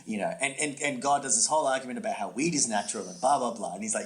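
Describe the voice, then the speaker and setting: A man co-hosting a comedy podcast, telling a long story with swooping pitch, many fillers and restarts. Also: racing. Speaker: podcast co-host and comedy workshop instructor. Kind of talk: casual podcast chat, storytelling.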